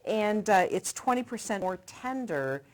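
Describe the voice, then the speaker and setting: A middle-aged woman hosts a local TV cooking segment, tasting the food and chatting in a friendly, promotional way. Her medium-pitched voice is animated and a little mellow, at a measured pace.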